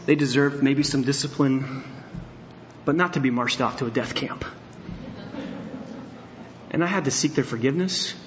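This middle-aged pastor preaches at a normal speed in a mid-range voice, pausing often. Inside a church sanctuary, he speaks candidly and shares personal stories, sometimes rising to emphatic outbursts, on audio with cut-off highs and a little hiss or hum.

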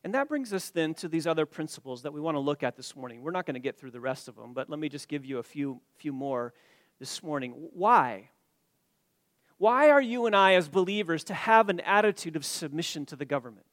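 Man, pastor, sermon, slightly high voice, dry close mic, emphatic swells and quiet drops. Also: lively intonation, a little fast, no echo. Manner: emphatic, rising to loud stresses then dropping quiet. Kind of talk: expository sermon.

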